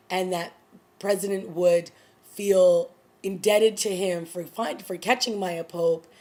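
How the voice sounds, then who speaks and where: A woman's voice: on the low side, darkish tone. A woman in her thirties chatting casually through a TV episode review, exclaiming and acting out quotes. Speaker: TV recap vlogger.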